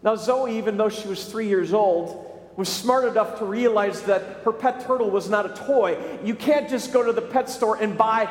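High-voiced pastor telling a story. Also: male voice. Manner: repetitive, halting storytelling. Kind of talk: storytelling sermon. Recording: echoey, reverberant space.

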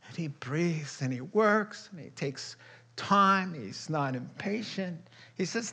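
A pastor preaching a conversational sermon, chuckling often and breaking into loud emphatic bursts. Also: male voice, on the high side, expressive, slow pace, breathy edge.

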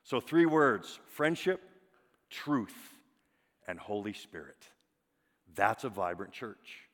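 A man's voice: on the low side, sing-song, slow. Emphatic male pastor preaching in a reverberant hall. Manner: emphatic, drops to soft single-word repetitions. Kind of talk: sermon. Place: church sanctuary.

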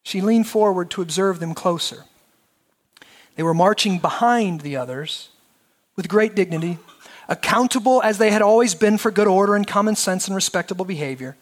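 High-voiced man reading a story aloud. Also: moderate pace. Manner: expressive, rising to dramatic emphasis. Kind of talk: lecture with dramatic reading aloud.

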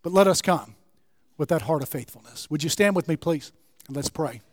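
A pastor preaching a sermon in a church, impassioned and rising to shouts, then leading a closing prayer. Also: male voice, a little high, expressive, brisk, no room sound, long reverb tail. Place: church sanctuary.

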